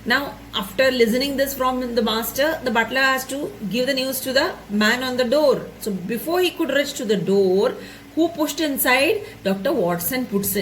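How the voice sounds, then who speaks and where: A woman's voice: mid-range voice, slight background noise, rough recording. A woman teacher explaining a story to students, repeating and rephrasing each point and checking in with "right?" and "isn't it?".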